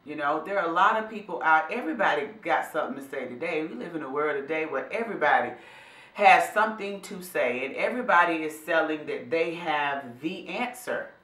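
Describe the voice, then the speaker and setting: A woman vlog host who speaks professionally, giving a motivational talk to camera in a preachy, animated way. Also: low voice, brisk, reverberant. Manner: animated, preachy, addresses viewers as y'all and honey.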